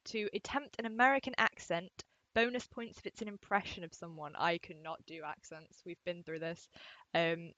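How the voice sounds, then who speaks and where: A woman's voice: mid-range voice, fairly bright tone, no room sound. A young woman chats through fan questions from her desk, rambling and gushing with self-deprecating asides. Her voice sits mid-range, and the recording sounds dull and dry. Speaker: vlogger answering fan questions. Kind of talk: casual Q&A vlog chat. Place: home room at her desk.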